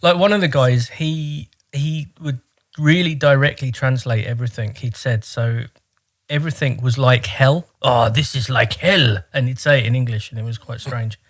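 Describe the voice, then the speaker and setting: A man's voice: medium pitch, fairly even intonation, moderate pace. Wry storytelling man on a podcast. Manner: anecdotal, wry storytelling with lots of fillers. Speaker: guest. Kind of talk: casual podcast chat.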